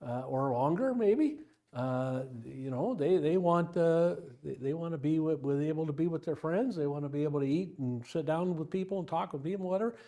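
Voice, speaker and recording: A man's voice: a little high, dark tone. A man teaching an informal Bible class, talking conversationally, asking rhetorical questions and acting out quotes. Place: church classroom.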